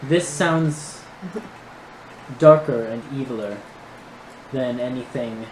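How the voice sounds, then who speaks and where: Casting: game master doing calm stoic guardian, grave measured delivery, roomy noisy stream audio. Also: medium pitch, close to an everyday voice. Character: calm stoic man caring for town children.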